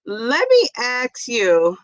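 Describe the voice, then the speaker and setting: A woman's voice: on the high side, huge pitch swings, drawn-out words, no echo, muffled recording. A middle-aged woman hosting a casual livestream, chatting, reading viewer comments aloud and laughing often. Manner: chatty, laughs often, exclaims "Jeez Louise". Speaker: livestream host.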